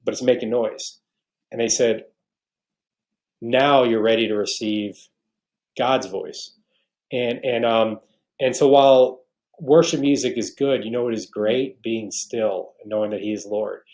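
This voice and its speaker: A man's voice: mid-range voice, unhurried, long pauses, a little mellow. Man from New York telling an earnest testimony. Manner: emotional storytelling, many restarts. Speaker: podcast guest.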